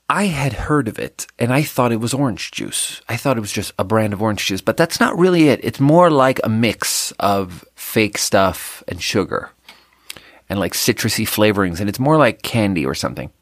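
A man's voice: medium pitch, a bit bright, no echo, studio quality. A man hosting a podcast, chatting on his own while tasting a drink, rambling and mocking himself in an offhand way. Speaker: podcast host. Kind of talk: casual solo drink tasting chat.

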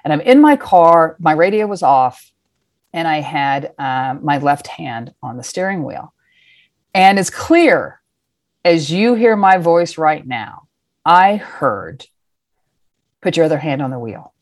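A middle-aged woman telling a personal story in a lively, casual way, acting out the scenes and swearing freely. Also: low voice, takes it slowly, no echo, studio quality. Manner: animated, acts out voices, swears casually.

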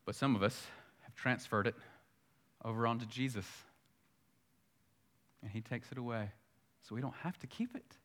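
Bright-voiced preacher man. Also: mid-range voice, fairly even intonation, normal speed, long pauses. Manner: earnest preaching, repeating key phrases, swelling louder on points. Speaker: pastor. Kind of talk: sermon.

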